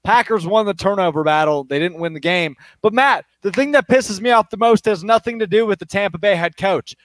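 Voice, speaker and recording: Man, sports show host, fast excited talk, fillers, slightly high voice, dry sound. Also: no room sound.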